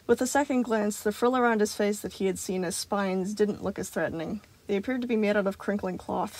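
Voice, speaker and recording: A woman narrating a fan fiction story, reading in a steady, expressive way. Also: mid-range voice.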